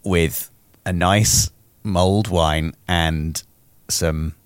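A British man co-hosting a casual podcast, relaxed with a dry sense of humor. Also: low-pitched, extremely slow, dry recording. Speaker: podcast co-host.

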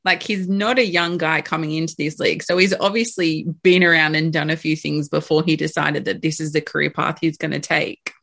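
A woman's voice: sits low, steady tone, a little fast, gravelly, few pauses, fairly bright tone. A woman co-hosting a sports podcast, talking with enthusiasm and restarting her sentences often. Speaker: podcast co-host. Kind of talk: casual sports chat.

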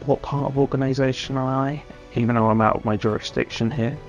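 A man's voice: mid-range voice, fairly even intonation, fast talker, a little mellow, faint music behind. A man playing a tabletop game, chatting in a joking, rambling way. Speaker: player. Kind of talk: casual play chat.

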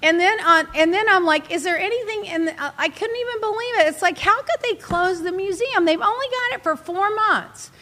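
Woman, middle-aged, host, high voice, long reverberant room, dramatic casual storytelling. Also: fairly quick, few pauses. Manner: animated, dramatic, exclaiming.

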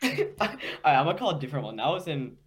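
A man's voice: fairly high pitch, very animated, fast talker, crowd noise. A young man co-hosting a podcast, talking playfully and giggling. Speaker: podcast co-host. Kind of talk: casual prank-call chat.

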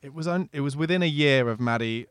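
A man's voice: medium pitch, fast talker, clear, resonant tone, no room sound, studio quality. A man, a comedian co-hosting a podcast, telling stories in sweary, casual banter. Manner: storytelling, sweary, laughs at dark jokes.

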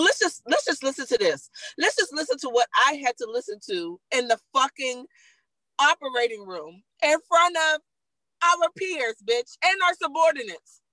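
A woman with a high, bright-pitched voice that swings widely as she rants in a casual recap chat, swearing and laughing often. The sound is dry and close. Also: no echo, low-quality recording.

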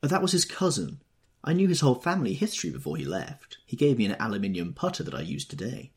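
A man's voice: mid-range voice, very animated, quick pace, gravelly, a little mellow, slightly rough, pitched above the performer's own voice, exaggerated voice. A man voicing a cool, wry young sportswoman in an audiobook reading, with dry, matter-of-fact telling.

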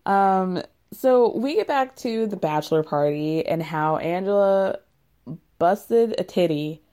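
In a mid-range, animated yet slow and mellow voice, this woman recaps a reality show as casual chat. Sarcasm and a steady stream of "like" run through her talk.

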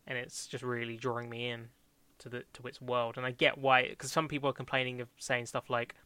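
A man's voice: medium pitch, flat delivery, a little fast, pushed and bright, clean tone, no room sound. A young man chatting casually about TV shows as a podcast co-host, rambling with lots of fillers, restarts and laughs. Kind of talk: casual chat reviewing TV shows.

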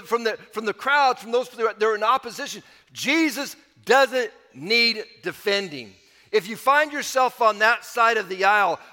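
High-voiced bright preacher in a reverberant hall. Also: male voice. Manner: conversational preaching, rising with emphasis then dropping low. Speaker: pastor. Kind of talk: sermon.

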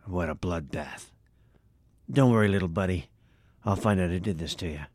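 A man playing an earnest, dim police officer, deadpan and dutiful in a comedy sketch. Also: low-pitched, moderate pace. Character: earnest dim male cop, Officer Marinara.

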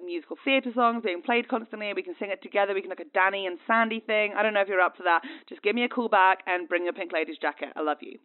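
A woman voicing a gushing young friend who leaves a rambling, filler-filled voicemail. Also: medium pitch. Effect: voicemail playback. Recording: tinny phone line.

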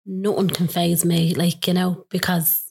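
A woman hosting the conversation and asking gentle, probing questions. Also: fairly low pitch, level tone, a little slow, gravelly, husky. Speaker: host. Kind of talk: casual interview chat.

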